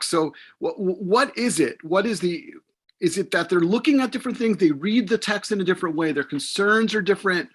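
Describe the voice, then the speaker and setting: A man's voice: sits high, fairly bright tone. A man hosting an author interview, introducing his guest and asking long, rambling questions with many fillers. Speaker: interviewer and professor.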